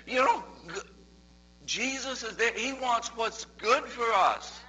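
Guy preaching a sermon, high bright voice, loose and chatty, lots of restarts. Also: big pitch swings, takes it slowly, rough recording. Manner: conversational, repeats words, builds in loudness and pitch toward the end. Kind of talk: sermon with storytelling.

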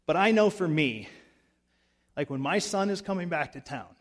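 A man's voice: fairly high pitch, animated, normal speed. A man preaching a sermon in a conversational way, acting out voices when he retells scenes. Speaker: pastor. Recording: long reverb of a large hall.

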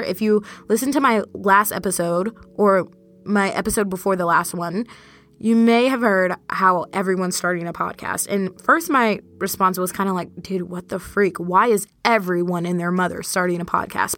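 A young woman hosting her own podcast, talking casually and directly to her listeners in a relaxed, chatty monologue. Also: mid-range voice. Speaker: podcast host.

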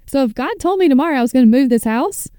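Podcast host, woman, 30s, earnest and fired-up, slightly high pitch, smooth and resonant. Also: lively intonation, fast, dark tone, dry recording, clean studio sound. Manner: fervent, earnest, preacher-like build-ups. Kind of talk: faith podcast talk reading scripture.

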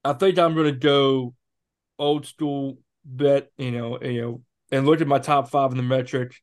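A man in his thirties talks through his picks as a podcast co-host, thinking aloud and often restarting his sentences. His voice sits in an ordinary middle pitch. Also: steady tone, a little slow. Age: 30s. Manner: rambling, self-correcting, thinks aloud. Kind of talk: casual sports betting chat.

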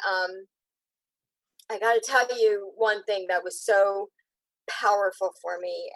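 A woman's voice: mid-range voice, no room sound, poor audio. A woman guest on a podcast, telling a heartfelt personal story in a rambling way, tearing up as she talks. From Pennsylvania. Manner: rambling, heartfelt, breaks up tearfully.

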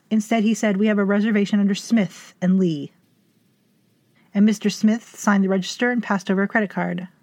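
A woman narrating a story in a measured, formal way with dry wit. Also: medium pitch, a little mellow, no room sound. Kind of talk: scripted fiction narration.

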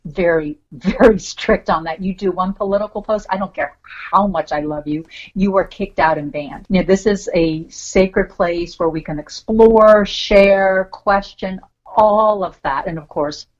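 A woman's voice: medium pitch, measured pace. Enthusiastic woman guest, lo-fi sound. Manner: animated, enthusiastic, acts out voices in stories. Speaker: podcast guest, author. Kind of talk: casual interview chat.

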